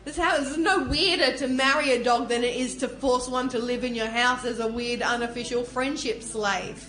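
A woman performing a stand-up set. Her voice is slightly hoarse, and she delivers brash, absurd bits with crude punchlines. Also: on the high side, fairly even intonation, normal speed, few pauses, fairly bright tone. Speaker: stand-up comedian. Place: comedy club stage. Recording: roomy club echo.

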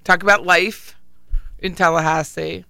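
A woman's voice: on the low side, steady tone, unhurried, creaky, bright, forceful tone, no room sound. A woman with a Philadelphia accent hosting a radio talk show, speaking in a casual, emphatic way and hammering home key words. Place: radio studio.

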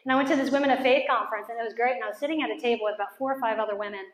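A middle-aged woman preaching with fervor, her voice sitting a little high for a woman. She swings from ringing, near-shouted peaks to hushed prayer and acts out voices for her listeners. The sound bounces around a large, echoey room. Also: very fast. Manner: impassioned, rising to near-shouting peaks, then dropping to soft prayer; acts out quotes and jokes with the room. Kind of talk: sermon. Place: large room with a live audience.

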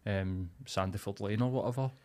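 A low-voiced man rants bluntly through a casual podcast chat. He swears freely and talks in a loose, sweary flow. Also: moderate pace, a little mellow. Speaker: podcast host.

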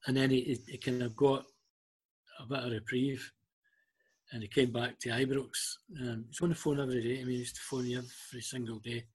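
A Scottish man guest in an interview, telling personal stories haltingly, with frequent ums and restarts. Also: medium pitch, level tone, a little mellow, husky. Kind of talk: emotional storytelling interview.

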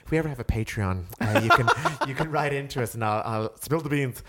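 A young man with an Irish accent, telling a story on a podcast in a lively, sweary way and acting out what people said. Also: mid-range voice, fast, heavy background noise. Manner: animated, sweary, acts out quotes. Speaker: podcast co-host. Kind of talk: casual chat, storytelling.

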